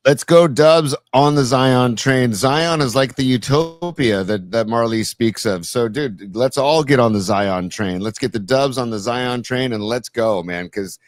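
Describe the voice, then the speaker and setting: A man's voice: mid-range voice, a little slow, few pauses. A man co-hosting a podcast, talking in loose, rambling casual chat full of fillers. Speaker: podcast co-host.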